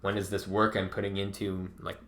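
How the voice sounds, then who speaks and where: A man with a low voice reads tarot cards in a relaxed, rambling way. His tone is bright and forceful, and he swears freely and says "like" often. It sounds like a casual reading aimed straight at the viewer. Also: a little fast. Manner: laid-back and profane, heavy use of "like". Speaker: tarot reader.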